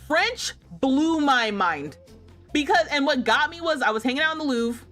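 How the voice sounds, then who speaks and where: A woman's voice: high-pitched, very animated, normal speed, fairly bright tone, faint music behind. A young American woman streaming a game, casually telling a travel story, laughing often and acting out the voices of people she quotes. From United States. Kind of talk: casual storytelling while gaming.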